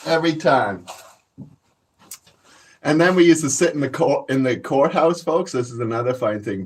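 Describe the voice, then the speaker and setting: A man's voice: mid-range voice, breathy edge. A man, telling boastful, profane stories to his viewers in a casual rant. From Canada. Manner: profane, boastful storytelling, laughs a lot. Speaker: channel host.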